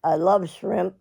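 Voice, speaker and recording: A middle-aged woman, telling a personal story in a rambling, halting way, often clearing her throat. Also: medium pitch, dark tone. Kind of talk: casual storytelling.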